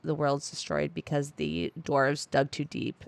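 A woman's voice: deep voice, expressive, creaky, no echo. A woman co-hosting a podcast, casually recapping a book chapter and breezily quoting the characters. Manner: breezy, quotes characters in quick put-on voices. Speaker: podcast co-host.

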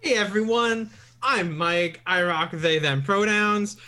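A laid-back man chatting as a player at a tabletop game. His voice is mid-pitched but bright and sharp, and he trips over his words now and then. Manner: laid-back, a bit halting, laughs. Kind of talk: casual chat.

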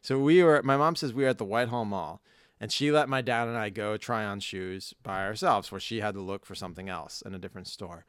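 Male podcast host, 30s, rambling storyteller; smooth, resonant, dry close mic. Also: lowish voice, fairly quick, no room sound. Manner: rambling anecdotal storyteller, swears freely. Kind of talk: casual chat.

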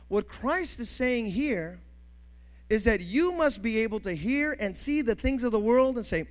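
A male pastor preaching a sermon emphatically, building to shouts and calling for responses from the congregation. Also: extremely high pitch, animated, a little slow.

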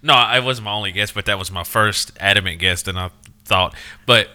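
A man's voice: fairly low pitch, fairly quick, bright, forceful tone. A man co-hosting a casual podcast chat, teasing and swearing heavily. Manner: crude, heavy swearing, teasing. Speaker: podcast co-host.

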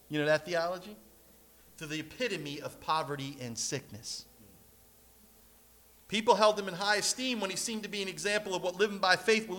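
A man preaching a sermon as pastor, animated, with sudden loud and soft passages and joking asides. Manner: animated preaching with big swings in loudness and pitch, joking asides.

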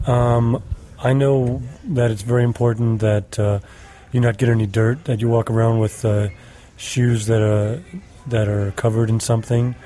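Man, actor, mellow voice, hesitant, lots of ums and uhs, indoor stage. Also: medium pitch, little pitch movement, normal speed. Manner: hesitant, many filler sounds. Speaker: actor interviewed on set. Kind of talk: casual behind-the-scenes chat. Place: indoor green-screen stage.

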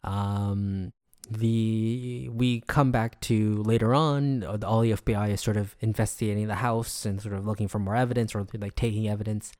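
Low-voiced man recapping an episode casually. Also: steady tone, normal speed, darkish tone, no echo, clean studio sound. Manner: rambling, filler-heavy retelling. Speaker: podcast co-host.

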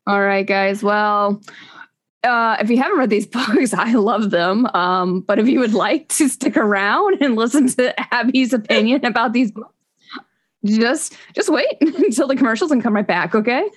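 A woman's voice: a little high, moderate pace. A woman co-hosting a casual book review podcast, talking in a chatty, rambling way and laughing often. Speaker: podcast co-host.

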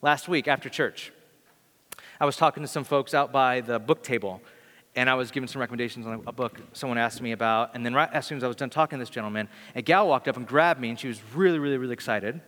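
A man's voice: medium pitch, fast talker, a bit bright. Pastor man preaching in echoing hall. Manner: casual storytelling, acts out quoted voices. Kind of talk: sermon storytelling. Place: church hall. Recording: long hall reverb.

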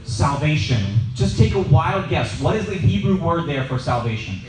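Brief: male Bible teacher, slightly high voice, animated sermon-style teaching, echoey room, mic set back. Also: normal speed, distant mic, music in the background. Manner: animated, acts out shouting scenes.

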